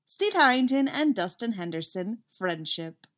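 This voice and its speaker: A woman reading a fan story aloud with lively, expressive narration. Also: fairly high pitch, measured pace. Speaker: fanfiction reader.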